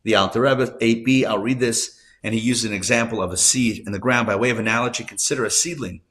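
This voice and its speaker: A man, a rabbi, teaching a live class, telling stories conversationally with asides and self-corrections, his voice swinging between loud emphasis and soft hushed moments. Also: medium pitch, fast talker. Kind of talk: live class lecture with storytelling. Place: class room at a community center.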